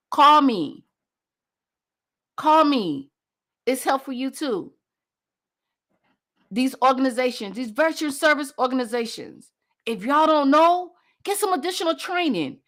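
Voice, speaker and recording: Woman coach, motivational talk, passionate, emphatic, repeats herself, slightly high voice. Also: a bit bright. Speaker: coach and host.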